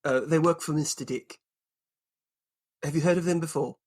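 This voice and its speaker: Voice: medium pitch, normal speed, a little mellow, lightly acted. A player voicing a fussy, eager male adventurer in a tabletop game, talking in a flustered, rambling way.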